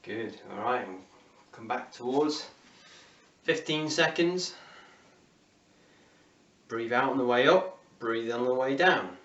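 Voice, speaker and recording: A man's voice: mid-range voice, animated, takes it slowly, pauses often, fairly bright tone, echoey room, recorded from a distance, muffled recording. A man with an English accent leading a home workout class, encouraging and counting down reps. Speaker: fitness instructor.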